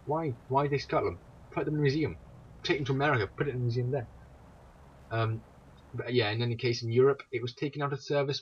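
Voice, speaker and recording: This video creator's voice is medium-pitched and slightly breathy, and he sounds young and worn out. He delivers a meandering, profanity-laced take on wartime history, throwing in frustrated side comments. It's captured on a flat, lo-fi home setup with a little background ambience.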